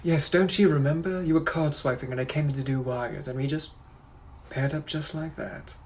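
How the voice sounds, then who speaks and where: A man voicing a suave, menacing 1800s British gentleman with a British accent, in whispered role-play, purring and teasing. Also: on the high side, moderate pace, slight background noise, natural voice. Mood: mock outrage.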